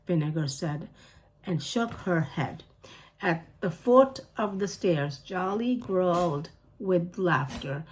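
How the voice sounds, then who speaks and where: A woman teacher reading a children's chapter book aloud with slow, careful storytelling. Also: lowish voice, expressive, breathy edge.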